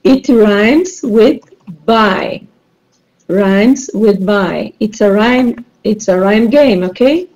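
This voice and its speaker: A woman's voice: medium pitch, drawn-out words, darkish tone, highs cut off. A woman teaching English online, running a rhyming word game and patiently repeating clues and praising her students.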